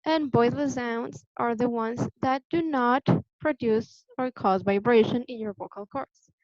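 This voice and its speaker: A woman teaching English pronunciation in a patient, deliberate way, repeating the key points for her students. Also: fairly high pitch, a little mellow, dry recording. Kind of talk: classroom lesson explanation. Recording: dull lo-fi sound, dry.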